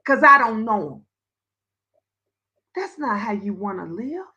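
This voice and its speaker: A woman hosting a live talk stream, blunt and emphatic, telling stories in profane, animated speech. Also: on the high side, takes it slowly, pauses often, low-quality recording.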